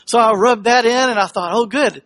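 A man's voice: extremely high pitch, brisk, fairly bright tone. A man preaching a sermon as pastor, talking conversationally and with humor, putting questions to the congregation. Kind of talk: sermon with personal storytelling.

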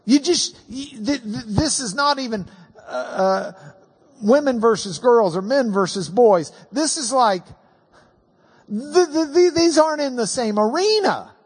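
Male pastor, sermon delivery: slow, emphatic, husky, echoing sanctuary. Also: extremely high pitch. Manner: animated, stammering emphasis. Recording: long hall reverb.

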